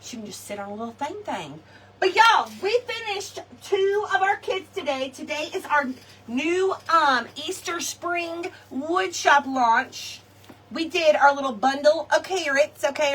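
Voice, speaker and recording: Woman, high and lively, casual crafting host, chatty and laughing, slightly distant mic. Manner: chatty, laughing, talks to viewers. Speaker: crafting vlogger. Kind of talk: casual live craft chat. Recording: distant mic with faint ambience.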